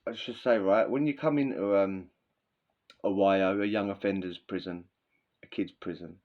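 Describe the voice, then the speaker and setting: A man's voice: low voice, steady tone, moderate pace. A man, telling crude stories in a casual, slangy way, full of swearing and laughter. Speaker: podcast host. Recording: dull lo-fi recording.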